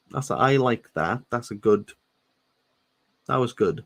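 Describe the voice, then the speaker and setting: A man's voice: medium pitch, lively intonation, a little slow, gravelly. A man in his thirties reads a novel aloud, stopping to joke about it and repeating words he likes. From Wales. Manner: playful, savours and repeats words. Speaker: book channel host. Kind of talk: reading a novel aloud with joking commentary.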